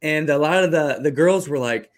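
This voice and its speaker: A man hosting a podcast, chatting casually and telling stories in an animated way. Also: a little high, moderate pace. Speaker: podcast host.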